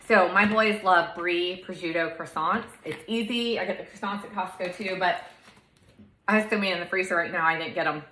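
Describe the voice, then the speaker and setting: A woman's voice: lowish voice, fairly quick, bright, forceful tone, roomy sound, a little hiss or hum, rough recording. A woman in her thirties chatting casually through a shopping haul video at home, with lots of asides. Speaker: lifestyle vlogger.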